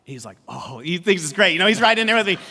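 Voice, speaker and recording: A man's voice: sits high, racing. A pastor in his forties telling a humorous family story in a sermon, acting out the people in it with dry sarcasm. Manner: animated storyteller, acts out quoted family members, dry sarcasm. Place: church auditorium. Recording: long church hall reverb.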